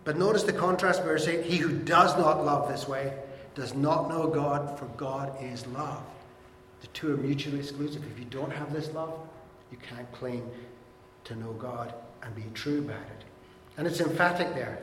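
A middle-aged man preaching a sermon as pastor, earnestly teaching and reading verses aloud slowly. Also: on the high side, a bit bright, a little hiss or hum. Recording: echoey hall with long reverb.

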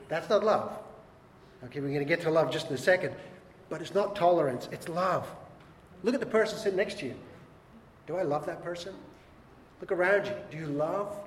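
A man's voice: on the high side, expressive, moderate pace, long pauses, slight background noise. Man preaching in an echoey hall. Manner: earnest, emphatic preaching with rhetorical questions. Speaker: pastor. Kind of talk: sermon. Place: church hall. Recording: echoey hall with long reverb.

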